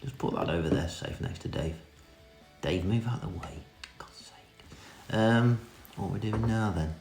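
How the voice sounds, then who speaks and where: A man's voice: on the low side, unhurried, gravelly, darkish tone. A man giving a cheeky, self-mocking running commentary in a casual hands-on repair tutorial. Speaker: vintage reel restorer. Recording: echoey room with music behind.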